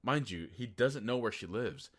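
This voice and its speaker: A man's voice: mid-range voice, lively intonation, normal speed, fairly bright tone. A man from Oklahoma giving a casual, sarcastic movie review, swearing freely and acting out his own incredulous reactions. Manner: acts out incredulous reactions in a raised voice.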